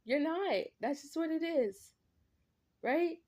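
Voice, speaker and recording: A woman's voice: very high-pitched, slow, darkish tone. A woman vlogger in a confrontational, repetitive rant, talking straight at an absent man. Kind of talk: ranting monologue to camera.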